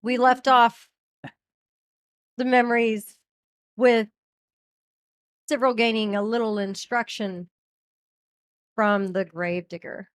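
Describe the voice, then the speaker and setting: A woman narrating a tabletop game as game master and host, lively and welcoming toward a live audience. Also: a little high, takes it slowly, pauses often, clear, resonant tone, dry recording, clean studio sound. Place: live show at a cafe venue.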